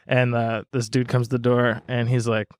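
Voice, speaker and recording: A man hosting a podcast, telling a long story in a relaxed chat and acting out the other people's lines. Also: medium pitch, moderate pace, smooth, no echo, studio quality. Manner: animated storyteller, acts out quoted voices. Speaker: podcast host.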